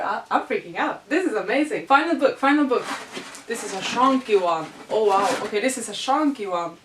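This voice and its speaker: A young woman chatting excitedly in a casual book haul vlog, gushing and laughing often. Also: on the high side, normal speed, a little hiss or hum. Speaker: book vlogger. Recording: echoey room, mic at a distance.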